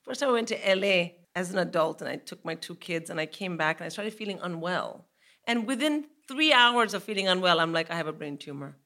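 This fairly low-pitched woman in her forties is a comedian guest on a live podcast. She talks a little fast, laughing through an animated, funny anecdote.

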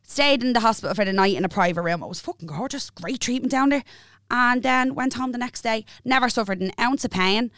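A woman's voice: on the high side, fairly quick, a bit bright, no room sound, studio quality. A woman in her twenties with an Irish accent, co-hosting a casual podcast and telling a personal story frankly and with lots of animation, swearing freely. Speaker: podcast co-host.

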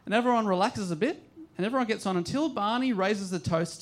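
A man with an Australian accent retelling a play's plot for laughs, animated and laughing through his lines. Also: high-pitched, fast talker. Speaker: podcast co-host. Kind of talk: comedic story recap.

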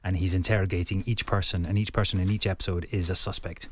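Low-voiced Scottish man, chatty interview guest. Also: flat delivery, fast talker. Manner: chatty, with many fillers and restarts. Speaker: actor guest. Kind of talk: studio interview chat. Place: studio.

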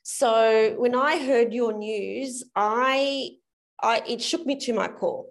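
A woman's voice: fairly high pitch, slow. A middle-aged woman co-hosting a podcast who speaks in an earnest, reflective, conversational way. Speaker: podcast co-host.

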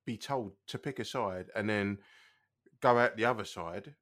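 A man's voice: fairly low pitch, normal speed, a bit bright. Brief: English male co-host, bantering, swears freely. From England. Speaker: podcast co-host. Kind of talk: casual chat.

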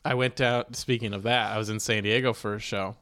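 A man's voice: fairly low pitch, fairly even intonation, brisk, pushed and bright. A man co-hosting a casual podcast, telling a story and acting out what people said. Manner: storytelling, acting out quotes, laughs often. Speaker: podcast co-host and comedian.

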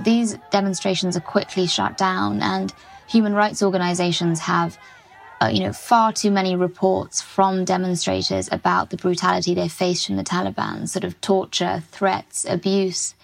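A woman correspondent answering interview questions on a news podcast, measured and analytical, with some fillers. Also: on the low side, vocal fry.

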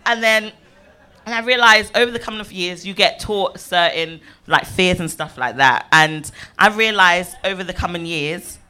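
A woman's voice: lowish voice, moderate pace. A woman, chatting casually in front of a live audience and acting out voices as she tells stories. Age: 20s. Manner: animated storyteller, acts out voices with big laughs.

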